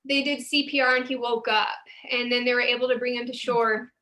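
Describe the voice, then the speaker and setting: Her slightly high voice is brisk, bright and forceful, with little pitch movement. She is a paramedic supervisor recounting earnest, emotional stories from her work to an online CPR class on Zoom, restarting as she goes.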